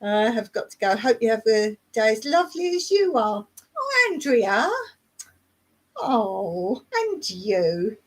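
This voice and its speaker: A woman's voice: a little high, big pitch swings, slow, breathy edge. A middle-aged woman from England with a Surrey accent, hosting a live chat, reading out viewer comments and answering them in a rambling, chatty way with frequent laughs and fillers. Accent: Surrey English. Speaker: YouTube channel host.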